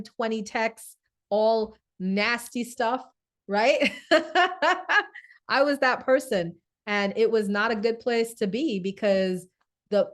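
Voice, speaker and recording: A woman hosting a live-stream wellness talk, chatty, answering viewer comments and often asking "right?". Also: mid-range voice. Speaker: host.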